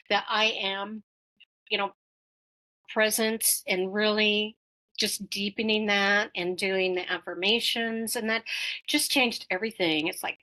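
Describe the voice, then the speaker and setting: A woman's voice: medium pitch, bright, forceful tone, poor audio. A middle-aged woman talking as an interview guest, reflecting casually with many fillers and restarts.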